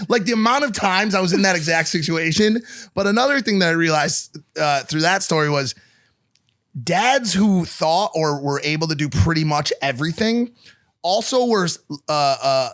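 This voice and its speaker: A man's voice: on the high side, a bit bright, no echo, studio quality. A man in his thirties, a podcast host, talking crudely and joking in casual chat. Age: 30s. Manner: crude, joking, lots of swearing.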